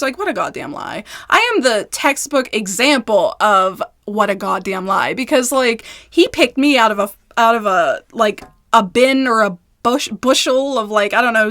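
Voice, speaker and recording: Young woman, slightly high voice, casual vlog, rambling, exasperated, animated storytelling. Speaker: YouTuber.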